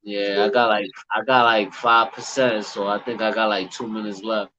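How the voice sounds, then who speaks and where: A man co-hosting a casual sports debate, fired up and slangy, tripping over quick restarts. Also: on the low side, little pitch movement, pushed and bright. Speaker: co-host. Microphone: phone. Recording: muffled phone with faint hiss.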